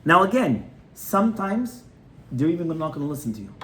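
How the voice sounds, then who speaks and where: A rabbi gives a conversational Torah class on educating children to a small group gathered in a home, often checking in with "right?" His voice is a little high and bright, a bit sing-song and a little fast. There's slight hiss or hum.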